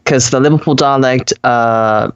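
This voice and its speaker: A young man from South Korea talks slowly and hesitantly, leaning on fillers and breaking into laughs. His English carries his native Korean. The recording sounds a little dull and lo-fi. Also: medium pitch, fairly even intonation, smooth. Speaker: guest. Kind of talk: casual podcast chat.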